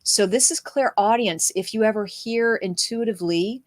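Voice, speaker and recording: A chatty woman hosts a live card reading, filling pauses with little laughs and fillers. Her voice sits at an ordinary middle pitch. The sound is dry and close, with no room echo. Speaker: host reading cards for viewers.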